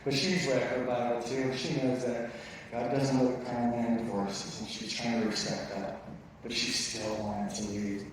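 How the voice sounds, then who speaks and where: A man shares a heartfelt church testimony, earnest and emotional, his delivery sometimes halting as he recounts his story. His medium-pitched, mid-range voice is fairly flat and sits far from the microphone, with faint ambient noise beneath it. The large hall is very echoey, leaving a long reverb tail.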